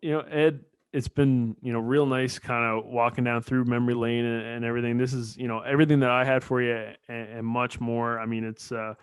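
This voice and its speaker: A man's voice: medium pitch, little pitch movement, fairly quick, hardly any pauses, clean tone, dry recording. A man from Newfoundland hosting a podcast interview, chatty and hesitant with many fillers. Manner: friendly, filler-heavy, hesitant. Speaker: podcast host. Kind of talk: casual interview.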